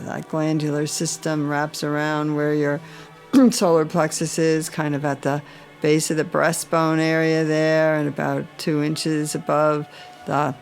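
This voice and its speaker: A woman's voice: low-pitched, gravelly, darkish tone. A woman leading a guided chakra meditation, giving soothing breathing cues and intoning mantras.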